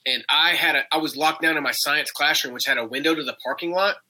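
A young man in casual chat, telling an animated story, laughing often and swearing. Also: on the high side, quick pace, rough recording.

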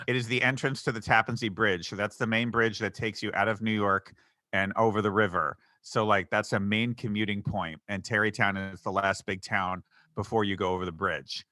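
A man's voice: lowish voice, steady tone, brisk, pushed and bright, no echo. A man co-hosting a podcast, casually and sarcastically nitpicking a TV episode with frequent laughs. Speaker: podcast co-host. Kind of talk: casual chat recapping a TV show.

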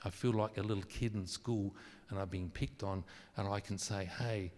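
A man preaching a sermon, earnest and emphatic at times, then soft and intimate. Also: fairly low pitch, fairly even intonation, normal speed. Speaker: pastor. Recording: long hall reverb.

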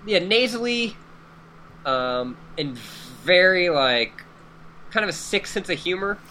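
A man's voice: high-pitched, lively intonation, slow, sharp tone, a little hiss or hum, rough recording. A man chatting casually as co-host, explaining in a hesitant way. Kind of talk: casual chat about a read-through.

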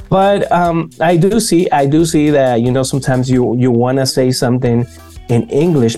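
A man's voice: a little high, mellow. A man from Bolivia, a native Spanish speaker with a Bolivian Spanish accent, chatting casually and animatedly on a podcast, full of slang and acted-out quotes. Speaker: podcast co-host and event host. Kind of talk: casual chat.

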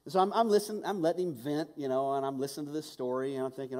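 Impassioned preacher, ringing hall reverb. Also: male voice, fairly high pitch, very fast, hardly any pauses. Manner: impassioned, swings between loud urgency and hushed intimacy, stammers and repeats words. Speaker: pastor. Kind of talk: sermon. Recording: long reverb of a large hall.

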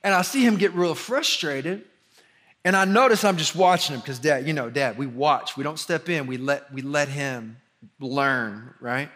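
A young man from the preaching a conversational sermon as pastor, rising in pitch and volume when he drives a point home. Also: normal speed, fairly bright tone. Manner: conversational preaching with sudden emphatic rises.

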